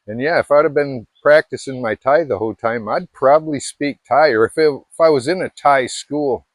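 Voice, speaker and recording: A man's voice: mid-range voice, moderate pace, no room sound. A middle-aged man from Alaska chatting casually to camera, rambling and self-deprecating with many restarts. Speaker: vlogger.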